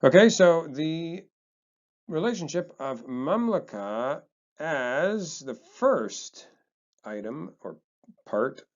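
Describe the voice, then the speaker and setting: A man teaching a text lesson, chatty and relaxed, thinking aloud as he explains. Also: fairly high pitch, slow, highs cut off.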